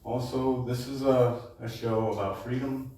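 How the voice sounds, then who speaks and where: A man, a baritone singer, casually introducing his show to a live supper club audience and often checking in with "okay?". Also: fairly even intonation, unhurried, mellow, slight background noise. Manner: chatty, keeps checking in with "okay?". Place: supper club performance room. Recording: echoey room, distant mic.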